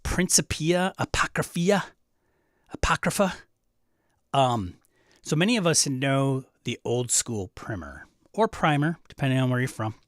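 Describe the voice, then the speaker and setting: A man's voice: medium pitch, dry recording, clean studio sound. Chatty man with a Wisconsin accent. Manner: chatty, answering viewer chat aloud. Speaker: host. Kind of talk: casual livestream chat.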